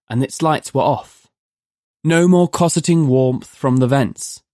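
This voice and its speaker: A horror story narrator reading in a measured, vivid manner. The voice sits in an ordinary middle pitch, recorded close and dry with no room sound. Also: dark tone, dry recording. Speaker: narrator of a horror audio drama.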